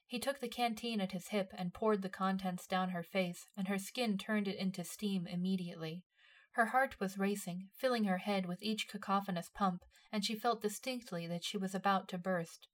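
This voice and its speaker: Casting: woman narrator, mid-pitched, measured expressive storytelling. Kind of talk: storytelling narration of fan fiction.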